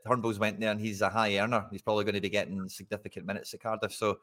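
A Scottish man co-hosting a football podcast, chatting quickly with a dry, close sound. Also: on the low side, flat delivery, fairly bright tone, no room sound. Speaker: podcast co-host. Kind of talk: casual football chat.

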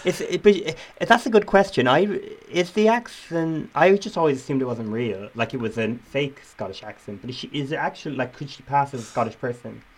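A podcast co-host in casual film chat, gushing and quick to react. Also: medium pitch. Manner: lively, gushing, quick to laugh.

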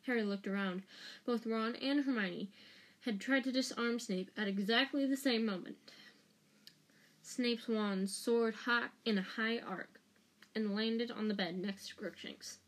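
A woman's voice: a little high, a little slow. A woman reading a fan audiobook aloud, unpolished and casual, restarting lines and commenting on her own slips. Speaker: audiobook reader.

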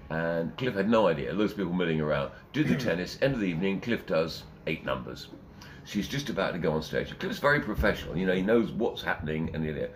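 Very deep-voiced man. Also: slight background noise. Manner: animated, acts out quotes and laughs. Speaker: interview guest, radio DJ and music man. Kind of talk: anecdotal storytelling.

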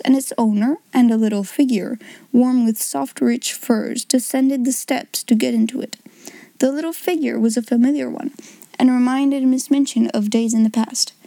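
Mellow woman reading a storybook. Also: fairly high pitch, no room sound. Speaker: narrator.

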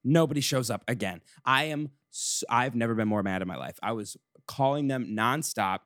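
Young male podcast host, mid-range voice, dry close sound, animated storyteller who swears freely. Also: medium pitch, moderate pace, no echo. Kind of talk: casual chat.

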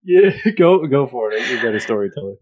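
A man chatting casually with his siblings, relaxed and agreeable, laughing often. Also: mid-range voice, quick pace. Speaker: brother in a family chat. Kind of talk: casual chat.

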